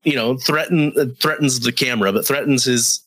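Bright-voiced chatty man. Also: medium pitch, no echo, rough recording. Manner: halting, chatty, with restarts. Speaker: podcast co-host. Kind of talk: casual chat.

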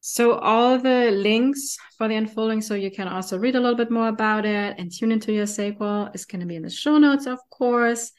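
A woman's voice: a little high, brisk, hardly any pauses. A woman with a German accent, hosting a podcast in casual, enthusiastic chat with frequent fillers. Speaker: podcast host.

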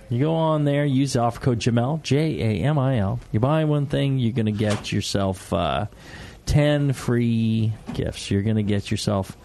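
A man's voice: medium pitch, creaky, dark tone, slight background noise. A man hosting a podcast in casual chat, joking and laughing a lot as he rambles through a sponsor read with fillers. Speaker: podcast host.

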